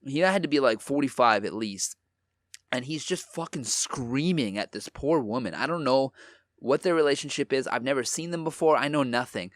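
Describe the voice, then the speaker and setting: A man telling a story in casual chat, animated, swearing often and acting out what people said. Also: mid-range voice, moderate pace, no echo, clean studio sound. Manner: animated, swears a lot, acts out quotes. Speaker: podcast co-host.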